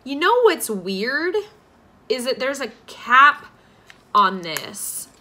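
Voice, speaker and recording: A woman's voice: high-pitched, very animated, takes it slowly, pushed and bright. A woman hosting a casual skincare unboxing at home, gushing with enthusiasm as she talks through each product. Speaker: beauty vlogger and podcast host.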